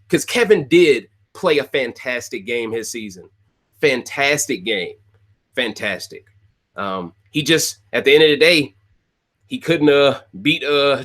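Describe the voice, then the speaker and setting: A man delivers a casual, opinionated rant to his viewers, repeating his points for emphasis. His voice sits a bit high for a man. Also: a bit bright. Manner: opinionated, repeats phrases, talks to viewers directly. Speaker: podcast host recapping a reality show.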